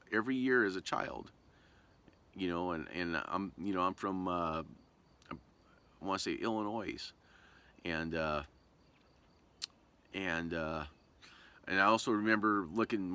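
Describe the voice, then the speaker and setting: Rambling low-voiced man telling a story. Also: pushed and bright. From Southern Oregon. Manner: rambling, many fillers and restarts. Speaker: vlogger. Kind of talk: casual storytelling.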